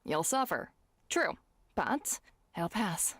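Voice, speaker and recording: A woman voicing Miss Arisugawa, a gentle and wise older female performer, in a comforting, theatrical manner during a tabletop role-play. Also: lowish voice, big pitch swings, slow, slightly rough, no room sound, heavily acted. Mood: consoling.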